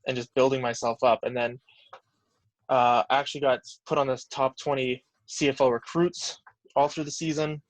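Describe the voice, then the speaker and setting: A man's voice: medium pitch, flat delivery, normal speed, no room sound. A man in his twenties telling stories as an interview guest, rambling and peppering his talk with "like.". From Canada. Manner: rambling, heavy use of "like", reflective. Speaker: guest, pro football lineman. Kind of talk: casual storytelling interview.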